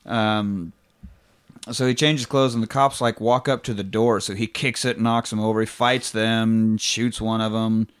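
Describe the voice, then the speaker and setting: A man chatting casually as a podcast co-host, retelling a film with swearing and quick put-on lines for the characters. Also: lowish voice, fairly even intonation, smooth. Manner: profane, acts out characters' lines in quick asides. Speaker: podcast co-host recapping a movie.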